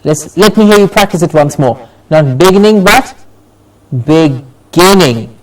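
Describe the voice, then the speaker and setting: A man teaching a pronunciation lesson, slowly repeating words and exaggerating the stressed syllables. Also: a little high, lively intonation, far from the mic, rough recording.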